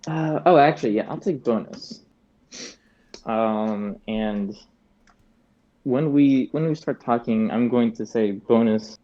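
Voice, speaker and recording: A man playing a tabletop game, talking through his moves in a relaxed, deliberate way. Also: mid-range voice. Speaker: player. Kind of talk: casual tabletop play. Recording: dull, lo-fi mic.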